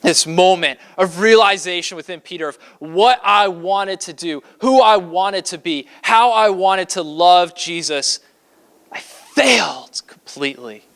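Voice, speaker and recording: Bright, crisp-voiced man preaching. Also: high-pitched, measured pace. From Kentucky. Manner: conversational, with frequent fillers; acts out scripture quotes dramatically. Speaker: pastor. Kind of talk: sermon.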